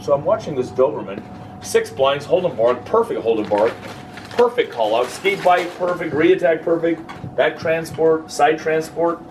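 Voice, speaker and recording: A man's voice: fairly high pitch, expressive, normal speed. A man leading a dog-training workshop in an informal, jokey lecture, acting out quoted voices as he talks. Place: workshop room with listeners. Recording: distant voice with clear background noise.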